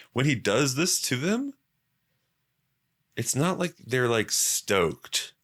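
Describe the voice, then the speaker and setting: Bright-voiced, profane young man. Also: medium pitch, very animated, very slow. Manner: loose and profane, acts out quoted voices. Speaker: podcast host. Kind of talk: casual podcast chat.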